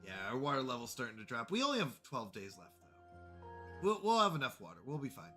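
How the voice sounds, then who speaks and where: A man's voice: medium pitch, sing-song, brisk, sharp tone, soft background music. A man streaming a game, chatting in a friendly, casual way with his viewers. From Canada. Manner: chatty, friendly, talks to chat. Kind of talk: casual chat while playing a game.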